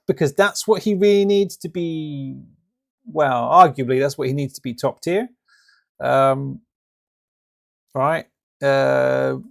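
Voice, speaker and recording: This live-stream host has a slightly high, creaky voice. Reacting to a game trailer in loose commentary, he rants and wanders, stopping to restart and leaning on lots of filler words.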